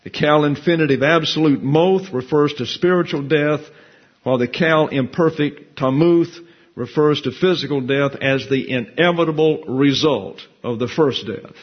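A man's voice: a little high, normal speed. A man giving an expository Bible lesson, methodically explaining Hebrew grammar terms and reading out scripture and quotations from grammar books. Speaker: Bible teacher. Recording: dull lo-fi recording.

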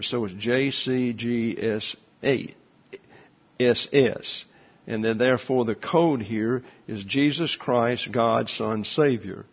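Husky-voiced man giving a patient lecture. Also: medium pitch. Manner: measured and explanatory, with frequent fillers. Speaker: teacher. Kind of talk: classroom lecture explaining Greek letters. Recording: slightly dull, lo-fi recording.

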